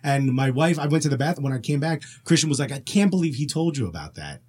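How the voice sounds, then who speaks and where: Guest, male, husky, fast, raised pitch, animated storyteller. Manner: animated storyteller, laughs often. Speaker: podcast guest. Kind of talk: casual podcast chat.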